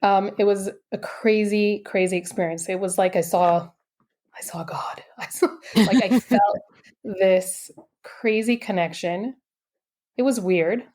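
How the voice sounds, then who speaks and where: Woman, podcast guest, personal story, lively, chatty, lots of fillers. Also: mid-range voice, measured pace. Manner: animated, chatty, full of "like" and "you know". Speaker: podcast guest, intuitive coach.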